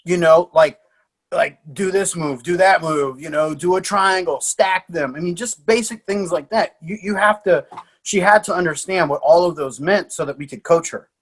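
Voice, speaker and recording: A man, a martial arts coach, telling lively stories in a podcast interview with fillers and laughs. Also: high-pitched, normal speed. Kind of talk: animated storytelling in a podcast interview.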